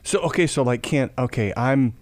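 A man's voice: mid-range voice, normal speed, no room sound. A man hosting a Christian talk show, chatting in a folksy way and adding short prayers. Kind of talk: casual interview chat.

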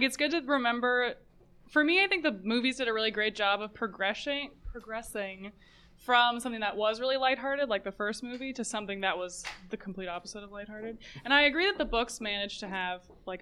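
A woman in a casual group chat, speaking in a measured, thoughtful way. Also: a little high, bright, forceful tone, a little hiss or hum. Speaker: panelist.

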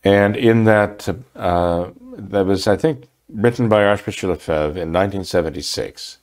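A man's voice: low voice, moderate pace, a little mellow. An older man, a priest, answering listener questions on a talk program in a hesitant way, with many fillers and restarts.

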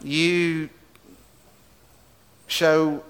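A man from England preaching a sermon with humor and animated asides, recorded in a large church hall. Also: a little high, very slow, smooth. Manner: humorous, animated storytelling with quips. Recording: echoey hall reverb.

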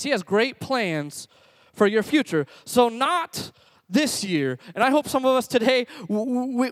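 A man with a high-pitched voice preaching an energetic sermon as a youth pastor. He exhorts the congregation and leads them in call-and-response. The sound is dry and close. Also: no echo. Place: church service before a congregation.

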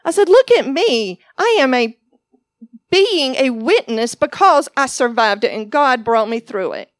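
A woman teaches a sermon, weaving her testimony into lively storytelling. Her voice sits fairly high, and she acts out other people's lines as she goes. The sound is dry and close, with no room echo. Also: unhurried. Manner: animated storytelling, acting out voices in quotes. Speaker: ministry teacher.

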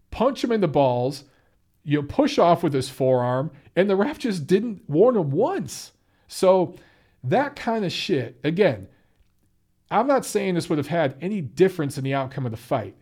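A man talking straight to his audience in a blunt, emphatic way, with a voice sitting a little higher than most men's. He swears casually and circles back on his points, hammering them home in loose, unscripted commentary. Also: a little mellow. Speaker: boxing commentator. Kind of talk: casual opinionated commentary to camera.

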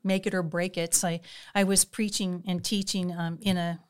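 Woman, podcast guest, lively storyteller, acts out quoted voices, chatty. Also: lowish voice, moderate pace, clear, resonant tone. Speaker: guest, inner healing minister. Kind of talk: conversational storytelling.

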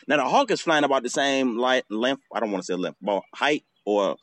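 A man's voice: mid-range voice, expressive, a little fast. A man hosting a podcast outdoors, telling a casual, swearing story and acting out the bird calls. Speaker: podcast host.

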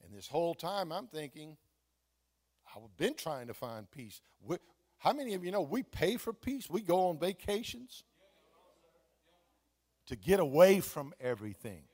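A man's voice: a little high, unhurried, long pauses. A man, a pastor preaching a sermon with playful, humorous storytelling. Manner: animated, playful, laughs at own jokes.

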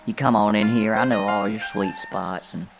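A woman's voice: extremely low pitch, fairly even intonation, moderate pace. A woman voicing a folksy, flirty masseuse with a Southern accent in a spoof radio ad. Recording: music playing behind.

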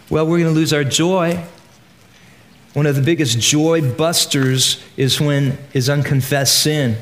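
A man preaching a sermon to his congregation in a folksy, animated way, swinging between loud emphasis and soft asides. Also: on the high side. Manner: folksy, addresses the congregation as "gang". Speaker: pastor.

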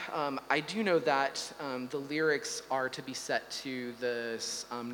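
A man's voice: medium pitch, bright, forceful tone. A man, an artist, giving a performance lecture in a hesitant way, with frequent ums between his phrases. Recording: long hall reverb, faint hum.

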